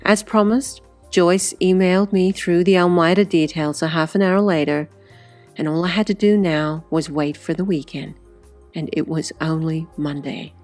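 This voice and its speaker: Lower-voiced woman narrating wryly. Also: fairly even intonation, moderate pace, a little mellow, soft background music. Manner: conversational, wry asides. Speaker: audiobook narrator. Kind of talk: first-person storybook narration.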